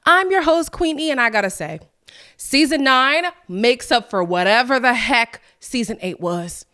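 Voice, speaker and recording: A young adult woman hosting a casual recap podcast. She talks in a chatty, animated way and quotes people in playful voices. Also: a little high, a little slow, clean tone. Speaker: podcast host.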